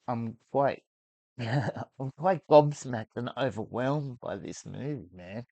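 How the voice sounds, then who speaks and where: A man's voice: medium pitch, slow pace, warm tone, no room sound. A young man reacting to a film on his vlog in casual chat. He swears freely and his voice leaps up when he rants.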